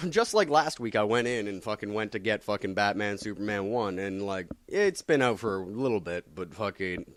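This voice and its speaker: A man's voice: medium pitch, dry recording. A man casually recapping comics, rambling and swearing constantly with lots of fillers. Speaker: comic book vlogger.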